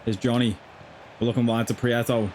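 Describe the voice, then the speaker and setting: A young man commentating his own football video game, excitable and swearing freely as he shouts at the play. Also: mid-range voice, brisk. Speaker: gaming YouTuber. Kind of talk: excited live gameplay commentary.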